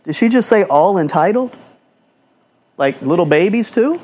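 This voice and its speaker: A man's voice: high voice, lively intonation, moderate pace, a little mellow. A male pastor preaching a fiery sermon in a church, firing off rhetorical questions and repeating phrases for emphasis.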